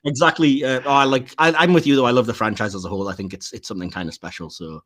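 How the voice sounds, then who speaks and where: A man's voice: mid-range voice, fairly even intonation, fast, fairly bright tone. A man hosting a casual film podcast, chatting freely, laughing often and trailing off with fillers. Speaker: podcast host.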